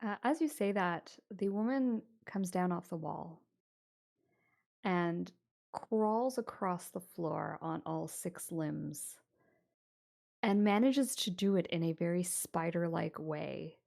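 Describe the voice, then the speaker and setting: Lady gm narrating a spooky tabletop game, slow and kinda low, lots of ums. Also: vocal fry, a little mellow. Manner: unhurried descriptive narration with fillers. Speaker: game master.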